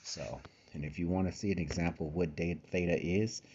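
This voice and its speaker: A man's voice: sits low, a little fast, darkish tone, lo-fi sound, slight background noise. A man hosting a casual screen-share trading tutorial, talking conversationally with frequent fillers and repeated phrases, a little tired. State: tired, yawning. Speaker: trading course host.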